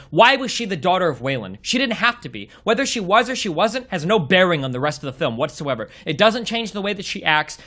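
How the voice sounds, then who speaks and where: A man's voice: high voice, bright, forceful tone. A man streaming live, ranting about a film in a profane, exasperated way.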